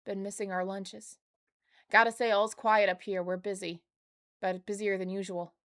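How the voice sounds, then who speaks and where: A woman's voice: mid-range voice, little pitch movement, moderate pace, fairly bright tone, no echo, clean studio sound, pitched below the performer's own voice, close to an everyday voice. A woman reading out a friendly letter from a male warehouse worker, in nearly her own voice. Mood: breezy.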